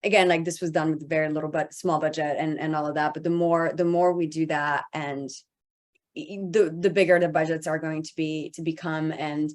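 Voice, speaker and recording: A woman's voice: sits low, level tone, a little fast, a little mellow. A woman voice actor speaking on a panel, passionate and rambling, with many restarts. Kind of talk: panel discussion.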